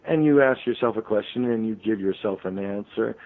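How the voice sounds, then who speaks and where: A man's voice: lowish voice, brisk. Man telling a story over a tinny phone line. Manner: rambling, full of ums and restarts. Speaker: interview guest, author. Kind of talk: anecdotal storytelling on a radio show.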